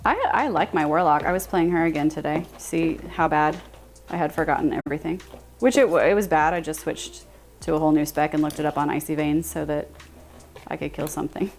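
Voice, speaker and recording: A young American woman chatting casually with her viewers on a live stream, animated and quick to laugh. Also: low voice.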